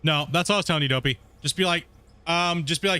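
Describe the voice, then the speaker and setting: A man's voice: a little high, fast talker, bright, forceful tone, clean tone. A man streaming a game, ranting to his viewers in casual chat and swearing a lot. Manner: heated ranting, swears often. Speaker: gaming streamer.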